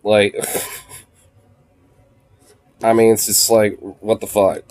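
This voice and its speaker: A man with a low-pitched voice, chatting casually on a game stream. He swears freely and laughs often, and drops into a soft, cooing baby talk whenever he speaks to his dog. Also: level tone, slow, no room sound. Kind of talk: casual gaming stream chat.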